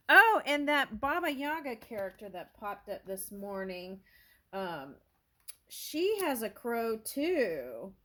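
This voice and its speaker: Excitable, scattered woman tarot reader. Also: very slow, pauses often. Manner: scattered and excitable, apologizing and backing up; bursts of high-pitched amazement. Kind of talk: casual spiritual reading with read-aloud prayers. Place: home with her dog nearby.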